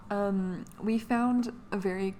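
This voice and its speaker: A woman's voice: medium pitch, fairly even intonation, slow pace, dark tone, a little hiss or hum. A young woman co-hosting a podcast in casual chat, rambling with lots of fillers and giggles. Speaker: podcast co-host.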